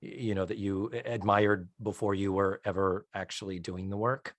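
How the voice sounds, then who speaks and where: A man co-hosting a podcast, asking the guest questions and reacting with laughs and quick swears. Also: on the low side, flat delivery, no echo. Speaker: podcast co-host. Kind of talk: casual chat.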